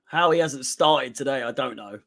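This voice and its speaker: A man's voice: medium pitch, normal speed. A man hosting a live fan watchalong, giving blunt, emotional commentary on a football match with frequent swearing. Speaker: fan channel host.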